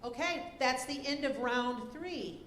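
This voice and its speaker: A woman serving as a spelling bee pronouncer, reading words and definitions deliberately, spelling letters out slowly, and giving stage directions to contestants. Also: high-pitched. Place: school auditorium. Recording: echoey auditorium with faint noise.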